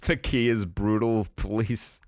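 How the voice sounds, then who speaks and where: A man's voice: lowish voice, fairly even intonation, a little slow, no echo, studio quality. A man co-hosting a podcast in casual chat, rambling and sarcastic, swearing freely. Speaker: podcast co-host.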